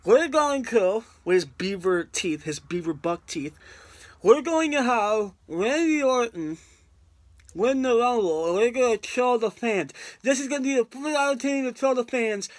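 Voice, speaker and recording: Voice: medium pitch, expressive, moderate pace, dry recording, close to an everyday voice. A reviewer doing a scheming TV boss. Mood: mocking. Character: impression of a wrestling TV executive, scheming, troll-like.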